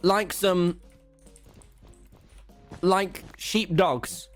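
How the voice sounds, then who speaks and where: A man's voice: very slow, soft background music. A young man, a gaming streamer telling a dramatic school story to his chat while he plays. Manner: excitable, dramatic storyteller with big pitch swings.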